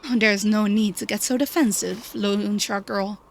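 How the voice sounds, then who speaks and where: A woman voicing a gentle, polite young woman teacher who speaks softly and courteously, reading game dialogue. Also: mid-range voice, steady tone, unhurried, creaky, pitched below the performer's own voice. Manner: soft, courteous, apologetic.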